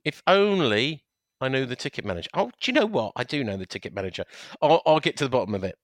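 A man co-hosting a podcast, chatting in an animated, teasing way. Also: medium pitch, fast talker, no echo. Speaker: podcast co-host. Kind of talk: casual chat.

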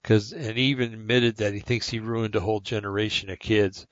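A man's voice: on the low side, steady tone, brisk, no echo, dull audio. An older man hosting a podcast, giving a blunt, rambling, opinionated monologue that restarts often. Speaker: podcast host.

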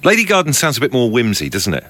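A man co-hosting a podcast in loose, casual banter. His voice is bright and forward, and he rides it up and down with plenty of life. He teases his co-host with a cheeky edge. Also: mid-range voice, huge pitch swings, quick pace. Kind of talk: casual chat.

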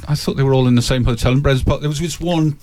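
A man who is a football journalist, giving measured, opinionated answers in a panel chat. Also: medium pitch, fairly even intonation, a little mellow.

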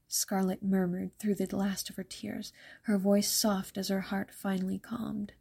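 A woman narrating a dark fairytale in a measured, even storytelling manner. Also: mid-range voice, vocal fry, husky.

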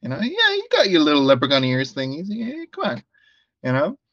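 A man from Guatemala co-hosting a casual movie review podcast, laid-back and quick to laugh. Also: a little high, wildly swooping pitch, fairly bright tone, no room sound, dull audio. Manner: laid-back, laughs easily, repeats himself. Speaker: podcast co-host.

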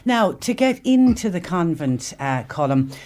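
Woman host, lowish voice, engaged, prompts guests. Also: very animated, a little slow, darkish tone. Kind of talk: conversational interview.

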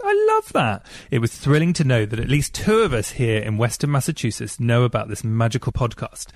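Chatty podcast host. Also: male voice, medium pitch, a little mellow, no echo, studio quality. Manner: chatty, reads listener emails aloud. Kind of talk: casual podcast chat.

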